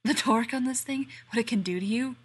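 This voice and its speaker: A woman's voice: mid-range voice, fairly even intonation, brisk, a bit bright. A woman voicing a panting, commanding man. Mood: breathless. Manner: panting, hoarse. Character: breathless commanding adult man in control.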